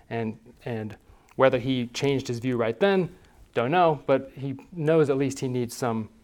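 A man leading a class, teaching in a relaxed, conversational way and putting questions to his students. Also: mid-range voice.

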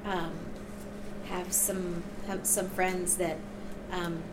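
A woman sharing in a casual Bible study group discussion, talking in a rambling, halting way full of fillers. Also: fairly low pitch, level tone. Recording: distant mic with loud background noise.

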